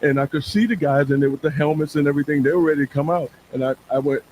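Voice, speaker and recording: A man's voice: fairly high pitch, very fast, a little mellow, slight background noise, poor audio. A man from Bakersfield, California, talking as a guest on a talk show, emphatic and repeating words as he gets worked up. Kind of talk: casual talk-show conversation.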